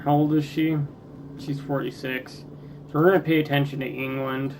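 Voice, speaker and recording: A man's voice: mid-range voice, little pitch movement, normal speed, vocal fry, noisy background. A man commenting casually on his strategy game, muttering and ranting in frustration at it. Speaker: gameplay video creator.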